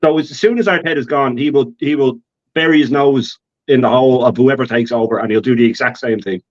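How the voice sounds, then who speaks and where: A man's voice: medium pitch, brisk, dull audio. A man calling into a live fan show, ranting with scorn and repeating himself. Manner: scornful, rambling rant. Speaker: guest on a call-in show. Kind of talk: casual call-in chat.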